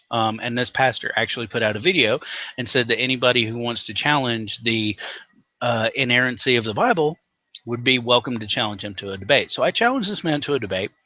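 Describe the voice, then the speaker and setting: Bright-voiced man ranting profanely. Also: medium pitch, no echo, lo-fi sound. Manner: emphatic, profane, heated. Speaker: host. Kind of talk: profane opinion rant.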